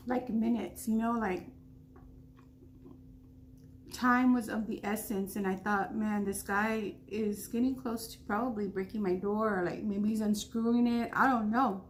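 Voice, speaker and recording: A woman's voice: a little high, fairly even intonation, takes it slowly, long pauses, a little hiss or hum. A woman vlogger earnestly retelling a frightening night, acting out the dialogue with many restarts. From Texas. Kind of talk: storytime vlog.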